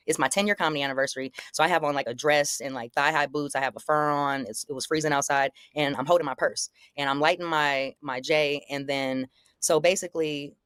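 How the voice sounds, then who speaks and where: A young adult woman casually recounting a confrontation, acting out the quoted lines in a higher, animated voice. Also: smooth, no echo, clean studio sound. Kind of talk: casual storytelling in conversation.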